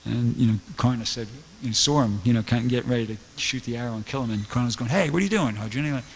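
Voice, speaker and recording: A man's voice: mid-range voice, fairly even intonation, fast talker, big-room sound. A man giving a casual scripture class, telling stories in a rambling way with many fillers. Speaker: temple lecturer. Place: temple hall.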